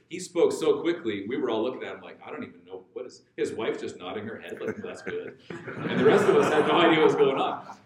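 Joking Canadian pastor in echoey church. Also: male voice, mid-range voice. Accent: Western Canadian. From Canada (Alberta). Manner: conversational, joking, repeats words for emphasis. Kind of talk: sermon. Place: large church hall.

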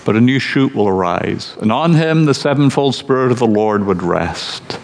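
A man preaching a sermon, teaching slowly and with emphasis in a measured delivery. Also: mid-range voice, expressive, gravelly, long reverb tail, a little hiss or hum.

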